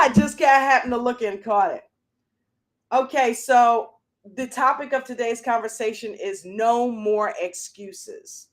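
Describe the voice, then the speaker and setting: A woman hosting a casual motivational livestream, talking in an emphatic, chatty storytelling way. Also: on the high side. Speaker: motivational show host.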